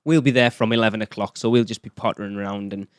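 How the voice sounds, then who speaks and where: A man's voice: on the low side, steady tone, fast, smooth, no room sound, studio quality. A man from northern England co-hosting a podcast, joking and chatting casually. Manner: chatty, jokey, self-deprecating. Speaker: podcast co-host. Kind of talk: casual chat.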